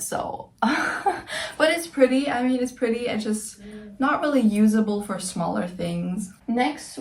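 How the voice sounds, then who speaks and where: A woman's voice: medium pitch, slight background noise. Chatty young woman in an echoey room. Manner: chatty, rambling, filler-heavy. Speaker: crochet vlogger. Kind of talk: casual show-and-tell vlog.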